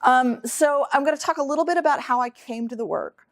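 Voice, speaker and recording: A middle-aged American woman giving an earnest lecture, full of ums, speeding up when excited. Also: sits high, brisk, no room sound, studio quality. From United States. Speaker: guest speaker. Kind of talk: lecture talk.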